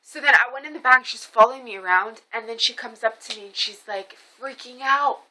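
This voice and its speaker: Bright-voiced woman telling a rambling story. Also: fairly high pitch, a little fast, low-quality recording. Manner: rambling, animated, many fillers and restarts. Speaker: spiritual reader vlogger. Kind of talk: casual storytelling monologue.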